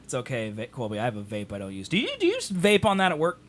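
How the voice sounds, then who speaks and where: A man's voice: medium pitch, wildly swooping pitch, rapid-fire, a little hiss or hum. A man co-hosting a podcast in casual chat, teasing his friend and laughing often. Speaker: podcast co-host.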